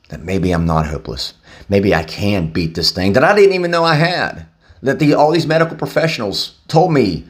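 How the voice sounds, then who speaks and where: A low-voiced man talking casually to his own camera about recovery. His pitch rises and falls widely as he tells the story. He speaks loosely, with plenty of "uh" and "um". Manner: conversational, loose, with many fillers. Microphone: handheld camera.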